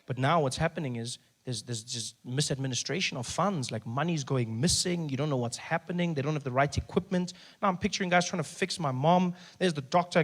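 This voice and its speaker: A man doing stand-up storytelling, animated, acting out characters and shouting in bursts. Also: fast, few pauses. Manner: animated, acts out characters with big pitch jumps and shouting. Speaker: stand-up comedian.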